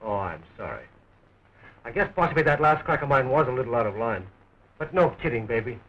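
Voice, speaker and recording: A man's voice: medium pitch, expressive, fairly quick, a bit bright. An actor playing a joking young man who fights to free his sweetheart, in early talkie film style, with a dull, scratchy 1920s film sound.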